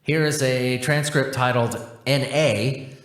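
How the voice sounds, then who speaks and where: A male narrator reading a horror file in a plain, measured way. His voice sits at a middling pitch. A roomy echo surrounds it. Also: steady tone.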